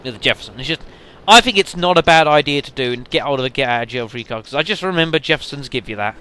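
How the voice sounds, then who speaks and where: Bright, lively gamer commentating. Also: male voice, mid-range voice, quick pace, smooth. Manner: rambling with fillers and sudden exclamations. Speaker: let's play commentator. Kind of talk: casual gameplay commentary.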